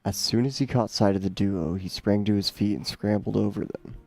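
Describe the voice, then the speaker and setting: A man's voice: fairly low pitch, a little fast, darkish tone, faint music behind. A man reading a game novel aloud, doing the characters' voices and stumbling over words now and then. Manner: stumbles and repeats words, laughs at the text.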